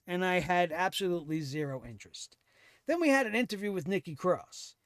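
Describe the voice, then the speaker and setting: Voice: mid-range voice, animated, fairly quick, fairly bright tone, dry recording, clean studio sound. A wrestling show reviewer ranting in a sarcastic, profane way about the latest episode. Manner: profane, sarcastic, heated rant.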